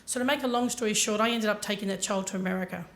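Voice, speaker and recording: A woman's voice: medium pitch, very fast. A woman giving a motivational talk to a conference audience, telling her story earnestly and speaking directly to the listeners. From Ireland.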